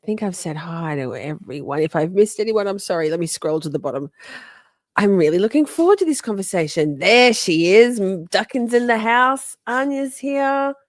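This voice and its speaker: A woman's voice: mid-range voice, expressive, moderate pace, dry recording, clean studio sound. A woman hosting a casual livestream from home, greeting viewers by name, chatty and a bit profane. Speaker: livestream host. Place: home, with dogs nearby.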